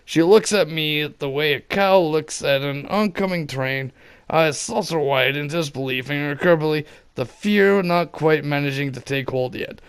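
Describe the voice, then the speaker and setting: A man reading an online story aloud, breaking off for wry asides and shouted re-enactments. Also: on the high side, normal speed, clean tone. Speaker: reader of online stories.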